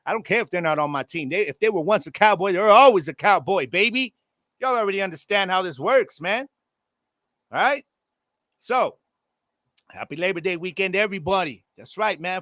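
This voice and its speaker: A man in his forties hosts a casual football podcast from his home, chatting straight to his listeners in a loose, excitable way full of slang. His voice is bright and forceful and sits a little high for a man. The sound is dry and close, with no room echo. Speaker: podcast host. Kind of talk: casual sports podcast monologue. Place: home room with air conditioning.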